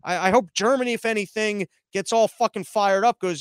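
A man with a high, smooth, clear voice hosts a podcast live stream, riffing casually through viewer comments. His delivery is rambling, sarcastic and crude. The sound is dry and close. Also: fairly quick, no echo. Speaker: podcast host.

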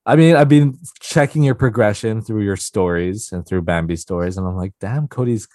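A man's voice: fairly low pitch, fairly even intonation, normal speed, darkish tone, dry recording, clean studio sound. A young man co-hosting a podcast, chatting casually and earnestly with plenty of filler words. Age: young adult. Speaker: podcast co-host. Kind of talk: casual chat.

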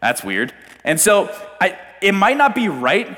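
Young male pastor, loose filler-heavy storyteller with a lively pitch, long hall reverb. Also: measured pace. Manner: animated, self-deprecating, filler-heavy storytelling. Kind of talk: storytelling sermon.

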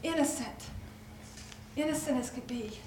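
A woman preacher voicing Jesus as he speaks tenderly to a wounded woman, often dropping to a hushed whisper, in an echoey room heard from a distance. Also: sits high, measured pace, a little hiss or hum.

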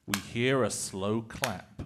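A man's voice: on the low side, slow pace, noisy background. A man narrating stage directions in a live improv comedy show, often chuckling.

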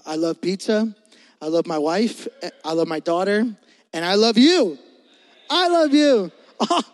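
A young man from Puerto Rico preaching a lively sermon with a high, bright voice. He is loud and playful, cracking jokes and calling out to the crowd between points. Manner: loud, joking, talks fast to the crowd. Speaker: pastor. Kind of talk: energetic youth sermon.

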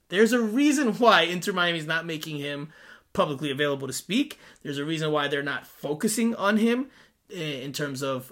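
A man with a bright, forward voice sitting fairly high for a man. He co-hosts a sports podcast in loose, casual chat. He talks in an animated, often sarcastic way, with sudden jumps in pitch. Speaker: podcast co-host.

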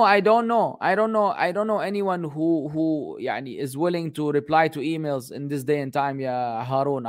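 A man with a fairly high voice runs a casual question-and-answer session. He answers bluntly, often exasperated and joking, and drops Arabic phrases into his talk. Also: darkish tone. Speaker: host answering viewer questions. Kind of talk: casual live Q and A.

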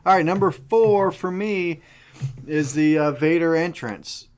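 A man's voice: fairly high pitch, unhurried, a little mellow. A man casually co-hosting a podcast, easygoing and hesitant, with many "uh"s and "um"s. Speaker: podcast co-host. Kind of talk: casual movie ranking chat.

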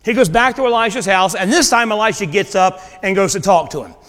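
A male preacher giving a sermon, retelling a scripture story in a casual, animated way with dramatic pauses. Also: sits high, in a large hall.

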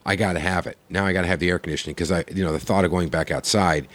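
A man's voice: low-pitched, steady tone, racing, a bit bright, dry recording. A man telling a long story in a casual podcast chat, swearing freely and acting out the lines of the people in it. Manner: profane storyteller acting out quoted dialogue.

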